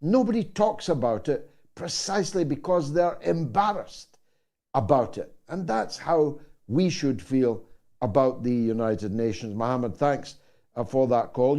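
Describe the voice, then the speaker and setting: A man hosting a talk show in a slow, deliberate delivery, sardonic and full of pauses. His voice is dark and mellow, at a middling pitch. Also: animated, vocal fry.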